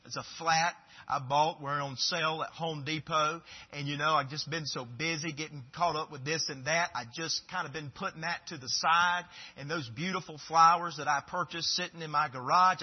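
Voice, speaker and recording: A man's voice: a little high, steady tone, brisk, few pauses. A man preaching a sermon in a folksy, conversational way that swells into fervent exhortation. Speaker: pastor. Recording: dull lo-fi recording.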